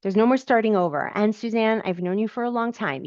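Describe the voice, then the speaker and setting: A woman's voice: medium pitch, lively intonation, brisk, darkish tone, dry recording, lo-fi sound. A woman coach answering viewers' comments in a live Q&A, encouraging and emphatic, repeating her key phrases.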